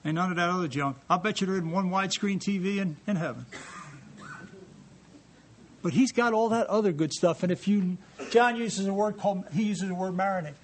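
Brisk and animated, this preacher has a high, bright voice and a conversational sermon style in a church sanctuary. He alternates humorous asides to the congregation with scripture readings, over slight background noise.

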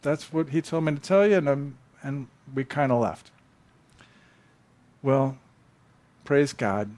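A man's voice: mid-range voice, lively intonation, takes it slowly, darkish tone. A man preaching a sermon, telling stories conversationally and acting out quotes with animation. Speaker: pastor. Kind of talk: sermon with storytelling.

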